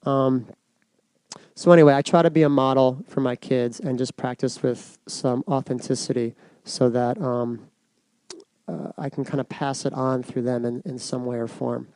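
A middle-aged man giving a reflective personal talk to an audience, soft and unhurried with many pauses. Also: mid-range voice, fairly even intonation, dry recording. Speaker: speaker giving a dharma talk.

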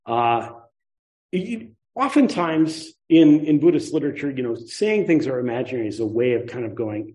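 A man's voice: medium pitch, animated, fairly quick, mellow, rough recording. A man teaching Buddhist ideas in a casual, conversational dharma talk, with playful asides.

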